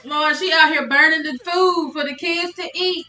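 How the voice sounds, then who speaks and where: A woman's voice: high-pitched, fairly even intonation, normal speed, bright, forceful tone, reverberant, soft background music, low-quality recording. A woman streamer commentating a life-sim game live, exasperated and laughing as she talks to her chat.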